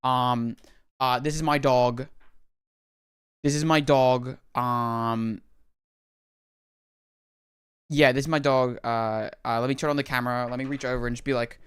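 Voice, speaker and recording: A man's voice: mid-range voice, moderate pace, long pauses, a bit bright, smooth. A young man streaming live, reacting to game trailers in a rambling, self-deprecating way.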